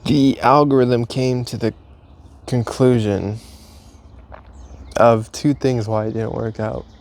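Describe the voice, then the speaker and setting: A man's voice: mid-range voice, fairly even intonation, slow, a little mellow. A young man from the United States telling a breakup story to camera in casual chat, candid and rambling, swearing freely and mocking himself.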